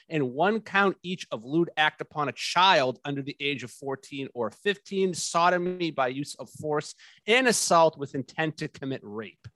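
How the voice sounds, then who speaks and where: A man's voice: a little high, fairly bright tone, dry recording. A man co-hosting a podcast in casual chat, bluntly bringing up and reading news items. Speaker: podcast co-host.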